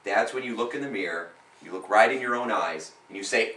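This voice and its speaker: An emphatic man coaches a client live, leaning on repeated lines that build in force. His voice is bright and forward. It sounds roomy, picked up from a mic set a little way off. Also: lowish voice, fairly quick, distant mic.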